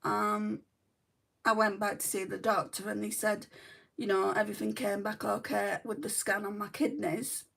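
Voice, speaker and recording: Creaky-voiced Lancashire woman, chatty. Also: mid-range voice, little pitch movement, normal speed, fairly bright tone, recorded from a distance. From Lancashire, England. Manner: rambling, candid, frequent ums and asides. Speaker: beauty vlogger. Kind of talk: chatty livestream makeup talk, reading viewer comments. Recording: voice set back from the mic.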